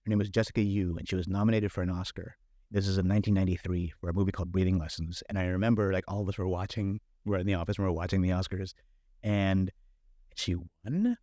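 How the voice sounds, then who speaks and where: A middle-aged man, a film director guest, telling stories in casual, animated talk full of fillers and quoted thoughts. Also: low-pitched, fast talker, no room sound, studio quality. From San Francisco Bay Area. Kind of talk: casual conversational storytelling.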